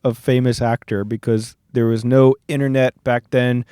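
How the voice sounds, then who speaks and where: A young man from the United States hosting a reaction video, excitable and quick to exclaim in casual commentary. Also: mid-range voice, clean tone, no echo, clean studio sound. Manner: excitable, exclaims and laughs often.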